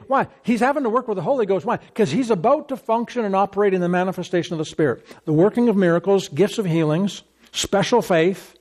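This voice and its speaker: A man's voice: high voice, lively intonation, a little fast, darkish tone. A man preaching a sermon, emphatic and repetitive, acting out quotes from scripture as he goes.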